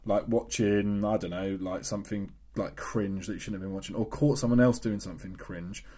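A man's voice: lowish voice, fairly even intonation, a little fast, dark tone. A young man, co-hosting a casual podcast chat, laddish and laughing often at crude stories. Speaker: podcast co-host.

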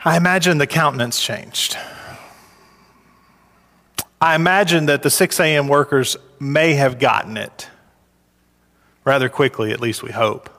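A man's voice: a little slow, pauses often. Man preaching in a reverberant hall. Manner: rises high and loud when voicing complainers. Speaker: pastor. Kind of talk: sermon.

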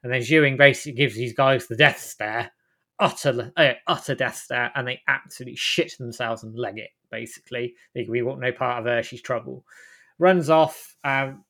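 A man's voice: mid-range voice, fairly even intonation, normal speed, pushed and bright. A man casually retelling a story's scenes as host, rambling and often correcting himself. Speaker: host recapping a game. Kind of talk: casual chat.

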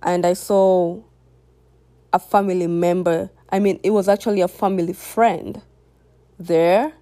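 A woman's voice: fairly low pitch, steady tone, measured pace, mellow, dry recording. A young woman telling a personal story to her viewers in a candid, reflective way. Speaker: vlogger. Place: home near a busy road.

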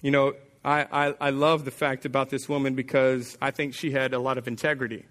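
A man preaching a sermon as pastor, telling a story with animated delivery and acting out the voices of its people. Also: mid-range voice, fairly quick.

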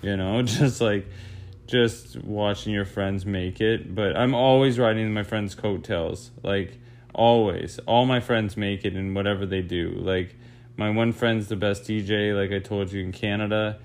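A young man talks alone on his own podcast in a slightly low voice. He rambles from topic to topic, trips over his own words and interrupts himself, dropping swear words casually along the way. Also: steady tone, measured pace. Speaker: podcast host. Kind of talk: rambling solo podcast monologue.

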